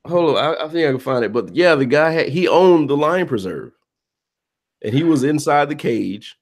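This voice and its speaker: A man's voice: on the high side, animated, normal speed. A man co-hosting a casual talk show, laid-back and laughing often. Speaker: podcast co-host. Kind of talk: casual chat.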